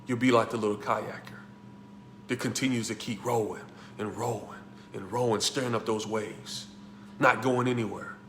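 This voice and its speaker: A man teaching a motivational masterclass, emphatic and repetitive, dropping to near-whispers and rising to loud bursts. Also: mid-range voice, roomy sound, slight background noise. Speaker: life coach teaching a masterclass. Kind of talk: motivational class talk.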